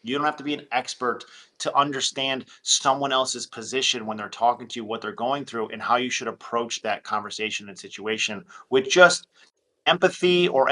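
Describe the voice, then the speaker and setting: A man with a bright, forceful voice talking shop on a casual group call. He is animated and slips into quick impressions of callers as he talks. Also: mid-range voice. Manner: animated, acts out phone calls in quick voices. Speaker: real estate investor.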